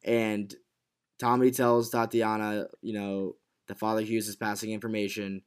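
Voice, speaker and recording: A man's voice: lowish voice, moderate pace, smooth. Laid-back man rambling through a recap. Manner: relaxed, rambling, many fillers and restarts. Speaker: podcast co-host recapping a TV episode. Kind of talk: casual chat.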